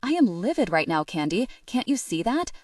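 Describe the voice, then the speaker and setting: A woman's voice: mid-range voice, big pitch swings, moderate pace, a little mellow, no echo, studio quality, far from the mic. A woman voicing a distraught, furious middle-aged mother who scolds through tears, pushy and harsh. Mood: angry.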